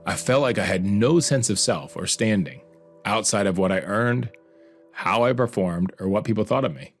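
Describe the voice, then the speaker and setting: Man, podcast host, gravelly voice, earnest, reflective, personal story narration. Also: lowish voice, expressive, soft background music. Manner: earnest, reflective, slow and heartfelt.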